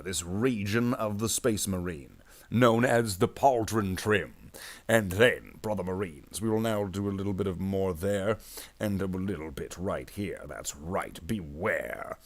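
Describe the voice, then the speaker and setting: A man streaming himself painting miniatures, chatting casually and jokily in a space marine persona and calling his viewers brothers. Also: sits low. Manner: rambling and jokey, calls viewers "brother Marines".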